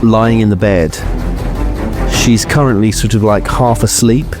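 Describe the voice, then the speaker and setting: A man narrating as game master of a tabletop horror game, setting scenes in an unhurried, descriptive way. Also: on the low side. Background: music.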